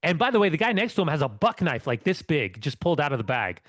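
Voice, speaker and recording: A man's voice: fairly high pitch, very animated, quick pace, a bit bright, dry recording, clean studio sound. A man co-hosting a podcast and chatting casually, telling rambling stories with lots of restarts. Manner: rambling storyteller with many restarts. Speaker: co-host.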